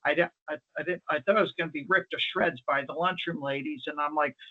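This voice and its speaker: A man's voice: a little high, fairly even intonation, fast. A man presenting as a nurse, telling a story on an online call in a chatty, rambling way with many fillers and restarts. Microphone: video call. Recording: dull lo-fi online call audio.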